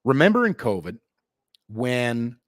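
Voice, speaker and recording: Animated, profane man ranting. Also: mid-range voice, a little slow, dry recording, studio quality. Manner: animated, sarcastic, mocks others in put-on voices, swears a lot. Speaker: podcast host. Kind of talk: profane political rant.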